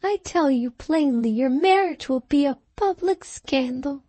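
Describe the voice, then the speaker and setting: A high, shrill society matron full of disapproval, as a woman reader puts her on. Her pitch leaps about, and the reading is slow and close, with a dry, quiet room behind it. She sounds scandalized and bitter, as if on the verge of leaving. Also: expressive, no echo. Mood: indignant.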